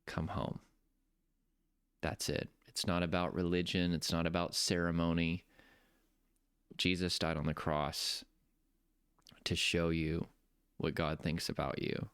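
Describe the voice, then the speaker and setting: Man, coach type, earnest faith talk; deep and gravelly with a smooth, dry sound. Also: level tone, a bit bright, no room sound. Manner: earnest, preacherly, slows down for emphasis. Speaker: nervous system coach. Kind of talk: heartfelt personal faith talk.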